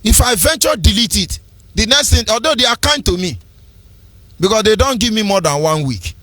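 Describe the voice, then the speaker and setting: A man's voice: sits high, expressive, normal speed, pushed and bright, no room sound. A man with a Nigerian accent hosting a fiery political radio commentary, ranting in an impassioned, preachy sing-song. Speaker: radio host.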